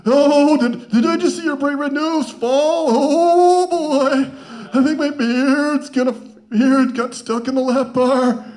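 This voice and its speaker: A man's voice: fairly even intonation, slow. A man voicing a jolly old Santa Claus who panics and hollers on a roller coaster. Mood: frantic. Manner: high, hollering, frantic ho-ho shouts.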